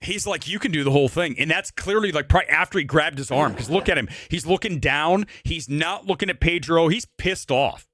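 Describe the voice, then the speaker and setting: A man's voice: fairly high pitch, lively intonation, a little fast, hardly any pauses, fairly bright tone. A man hosting a live movie-talk stream, ranting in a brash, profane, mocking way.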